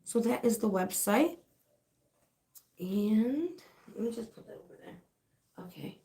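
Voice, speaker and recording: A woman's voice: on the high side, lively intonation, a little slow, creaky, warm tone. A woman with a sore, dry throat, hosting a casual livestream as a spiritual reader and shop owner, chatting in a rambling way with lots of fillers and laughs.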